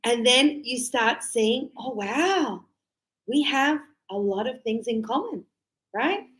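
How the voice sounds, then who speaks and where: Animated teacher acting out greetings. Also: female voice, takes it slowly. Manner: animated, acts out dialogues with sing-song high-pitched lines. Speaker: English teacher. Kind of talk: classroom English lesson. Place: classroom.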